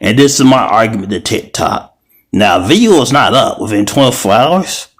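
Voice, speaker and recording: A man rants into his own video in a fairly low voice. He is heated and profane, circling back over the same points and tripping into restarts as he goes. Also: sing-song, normal speed. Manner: profane, heated, repetitive ranting; stumbling restarts. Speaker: video creator. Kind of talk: angry ranting vlog.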